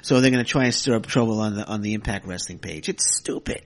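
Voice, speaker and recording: A man's voice: fairly low pitch, fast. A man ranting without a script as a wrestling commentator, agitated and swearing, with many repeats and restarts. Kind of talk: unscripted rant.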